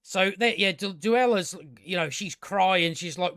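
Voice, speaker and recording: A man's voice: high-pitched, unhurried, a bit bright, dry recording, clean studio sound. Sarcastic, rambling man reviewing TV. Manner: rambling, sarcastic, sweary, many restarts. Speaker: TV episode reviewer.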